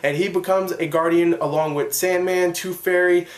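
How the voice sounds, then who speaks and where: A man's voice: high voice, steady tone, moderate pace. A young man giving an enthusiastic, rambling casual film review, full of fillers and restarts. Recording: echoey room.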